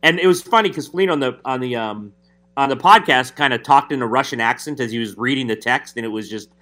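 A man, a hockey reporter, telling an animated story in casual chat. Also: mid-range voice, fast talker.

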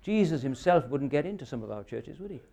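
Retired pastor, sixties, slightly higher voice, emphatic sermon delivery. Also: male voice, big pitch swings, fast, vocal fry, dark tone. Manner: earnest, emphatic preaching with rhetorical questions.

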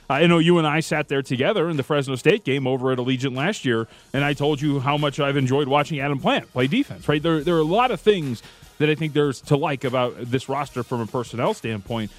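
A man co-hosting a sports radio show, laughing easily and talking in long run-on thoughts. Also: medium pitch. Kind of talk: casual sports talk.

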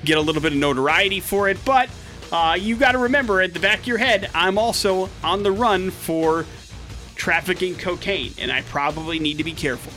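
A male radio host with a high, bright, forceful voice tells a news story in chatty, wry banter, dropping dry jokes along the way. Faint music plays under him in the studio. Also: fairly quick. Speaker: radio morning show host.

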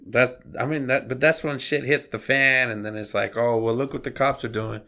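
A man's voice: mid-range voice, fairly even intonation, normal speed, sharp tone. A man co-hosting a podcast, talking in a blunt, slangy way. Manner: blunt, slangy, calls people fool. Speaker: podcast co-host. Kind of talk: casual podcast chat.

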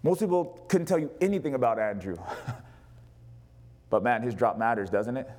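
A man preaching a sermon as pastor, animated, acting out the voices of the people in his stories. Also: mid-range voice, normal speed. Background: congregation responding.

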